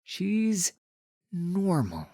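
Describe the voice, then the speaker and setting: A man voicing an uneasy, conscientious young boy in a raised, higher, tense voice. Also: huge pitch swings, drawn-out words, mellow, no room sound, studio quality, exaggerated voice.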